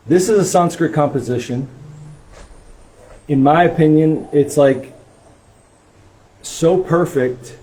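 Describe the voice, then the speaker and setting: A man's voice: a little high, dark tone. A man teaching a devotional singing class, talking with enthusiasm and chanting out rhythms as he explains. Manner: enthusiastic, chants meter syllables aloud. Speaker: kirtan teacher. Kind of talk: casual class discussion.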